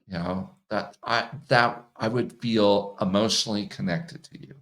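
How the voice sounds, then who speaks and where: A man who works as a hypnotherapist and coach, talking casually in an interview, relaxed and laughing often. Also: fairly low pitch, measured pace, hardly any pauses. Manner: relaxed, laughs often, acts out quoted partners.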